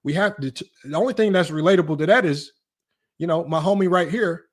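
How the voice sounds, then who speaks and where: A man hosting a sports debate livestream, talking brashly and teasing his chat in quick casual commentary. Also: a little high. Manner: brash, rapid, teasing, talks straight to chat. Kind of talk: casual live-stream commentary.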